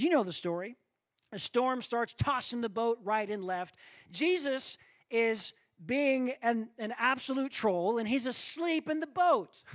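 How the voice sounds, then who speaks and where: A preacher with a high-pitched voice delivers his sermon in an animated storytelling way. He acts out voices in his stories and keeps asking the congregation if they follow him. The sound is dry, with little room. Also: dry recording. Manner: animated storytelling, acting out quoted voices, asks the crowd for responses.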